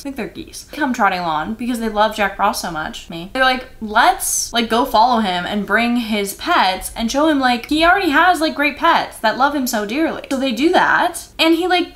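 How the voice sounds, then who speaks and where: A young woman recapping children's books in a casual, sarcastic chat, full of filler words and sudden jumps in pitch. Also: fairly bright tone. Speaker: book vlogger.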